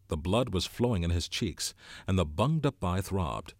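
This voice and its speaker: Deep, expressive male storyteller. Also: moderate pace, no echo, clean studio sound. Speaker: narrator. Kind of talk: audiobook narration.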